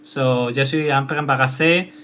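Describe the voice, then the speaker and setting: A man's voice: medium pitch, normal speed, pushed and bright, slight background noise. A man from Spain with a Spanish accent, a guest on a live fan stream, talking effusively with many restarts and switching between French and English. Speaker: guest, fan website administrator. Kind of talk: casual live-stream chat.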